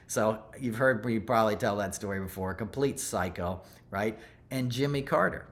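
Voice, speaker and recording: Low-voiced middle-aged man rambling through a story. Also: moderate pace, fairly bright tone. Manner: rambling, loose and conversational, full of asides and self-corrections. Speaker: podcast host. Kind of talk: casual storytelling monologue.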